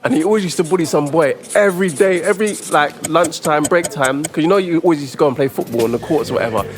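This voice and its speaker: A man's voice: fairly high pitch, fast, faint music behind. A man, a podcast co-host telling a comic school-fight story and acting out voices. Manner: lively, acts out voices and sounds.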